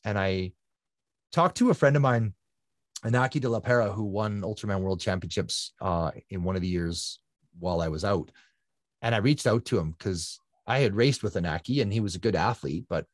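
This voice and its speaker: Low-voiced man telling his story earnestly. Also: no echo, clean studio sound. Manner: earnest, repeats phrases for emphasis. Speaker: guest, endurance athlete. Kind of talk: reflective conversational storytelling.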